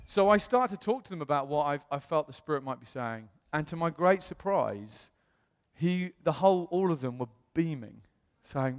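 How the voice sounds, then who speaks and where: A man's voice: fairly high pitch, lively intonation, moderate pace, smooth, long reverb tail. A British man, a pastor, telling a story in a sermon and acting out the voices of the people he quotes. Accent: British English. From England. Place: church auditorium.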